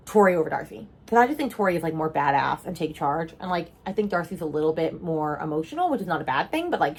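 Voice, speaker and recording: This young woman's voice leans low as she casually vlogs about her current read. She's talkative and lively, with asides of playful outrage and relaxed swearing.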